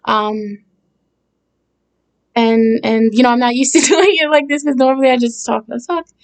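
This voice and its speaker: In a casual talk about her own song, a woman sounds earnest and reflective, with short laughs, many fillers, and restarts as she searches for the right words. Her voice is a little high, with fairly even intonation and a moderate pace.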